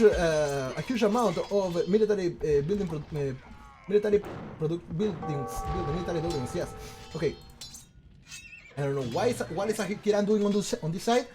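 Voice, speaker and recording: A man casting a strategy game, excitable and stammering, firing off rhetorical questions. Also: high voice, brisk, music in the background. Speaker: game commentator. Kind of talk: casual game commentary.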